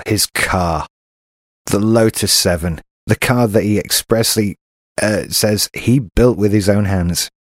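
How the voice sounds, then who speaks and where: A man's voice: on the low side, no echo. An English man co-hosting a podcast, chatting casually with wry, dry asides. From England. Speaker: podcast co-host. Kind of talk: casual chat.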